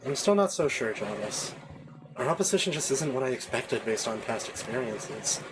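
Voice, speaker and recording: A regal dragon queen, weary and dryly amused, speaking with an accent of no clear origin, as a man puts her on. Her pitch rises and falls freely, and faint game music plays underneath. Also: expressive, normal speed, close to an everyday voice. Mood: thoughtful. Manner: with a put-on accent.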